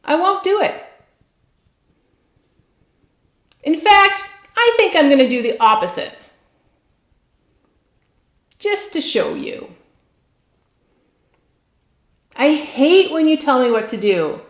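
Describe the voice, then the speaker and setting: A woman's voice: high-pitched, big pitch swings, measured pace, pauses often, reverberant, pitched above the performer's own voice, heavily acted. A woman voicing a stubborn, defiant inner child in a guided tapping script, speaking in a petulant, emphatic way.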